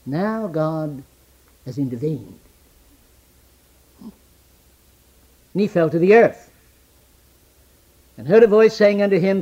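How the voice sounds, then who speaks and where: A man preaching a sermon, swinging between loud declamation and hushed near-whisper, quoting scripture in old-fashioned wording. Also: fairly high pitch, lively intonation, measured pace, pauses often, highs cut off.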